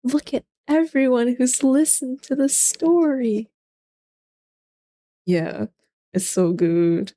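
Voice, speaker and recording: Young woman streamer, high voice, laid-back pacing, giggly and rambling. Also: takes it slowly, pauses often, warm tone. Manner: giggly, rambling, with many fillers. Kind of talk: casual livestream chat.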